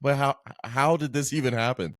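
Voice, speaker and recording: A man's voice: medium pitch, steady tone, moderate pace, a bit bright, no echo, studio quality. A man co-hosting a podcast, chatting casually and chiming in with a laid-back manner. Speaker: podcast co-host. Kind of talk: casual chat.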